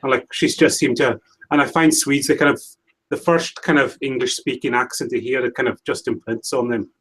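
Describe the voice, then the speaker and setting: A man's voice: mid-range voice, steady tone, brisk, a bit bright, slightly rough, poor audio. Rambling, chatty man hosting a hangout. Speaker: livestream host. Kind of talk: casual livestream chat.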